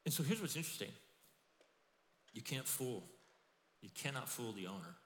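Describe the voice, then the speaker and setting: A middle-aged man preaching a sermon as pastor, animated and acting out quoted voices. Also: medium pitch, normal speed. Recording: echoey church hall.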